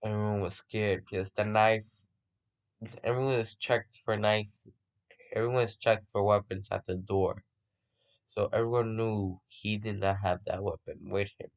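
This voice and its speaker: A man's voice: lowish voice, flat delivery, normal speed, dull audio. A young man improvising a fan story, rambling, swearing, and correcting himself often.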